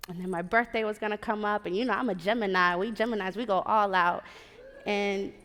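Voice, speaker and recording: Animated woman storyteller in a theater. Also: medium pitch, fairly quick. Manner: lively, animated, acts out quoted voices. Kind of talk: live stage storytelling. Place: large theater stage. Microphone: stage microphone. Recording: long theater reverb. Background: live audience.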